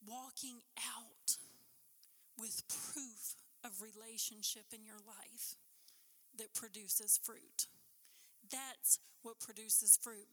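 A woman preaching a sermon in a high, very bright voice. She swings from impassioned, pressing questions to hushed, intense emphasis. Her words ring out with a long reverb through a chapel.

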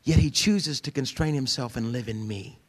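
A middle-aged man preaching a sermon in a church, animated and humorous, jumping from shouts to hushed whispers and acting out voices. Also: mid-range voice, moderate pace, breathy edge, big-room sound. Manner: acts out quoted voices with humor. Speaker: pastor. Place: church sanctuary.

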